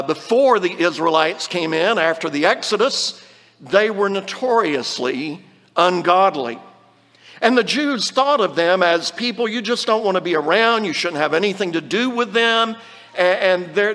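A man preaching a sermon, explaining a Bible passage in an earnest tone and slowing down when he quotes scripture. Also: high-pitched, bright, forceful tone, long reverb tail.

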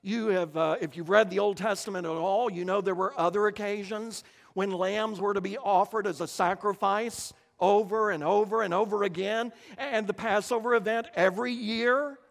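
A man with a high voice preaches a sermon in a church or large hall, and the long reverb hangs on every word. He reads scripture aloud, then slows down to explain it with weight, often repeating a word as he begins a sentence. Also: steady tone, gravelly. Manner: repeats words when starting a sentence.

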